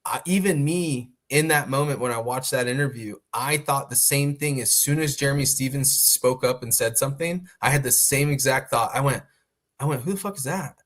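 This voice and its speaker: A man co-hosting a casual podcast, telling stories in a profane, animated way. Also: mid-range voice, moderate pace. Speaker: podcast co-host. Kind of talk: casual chat.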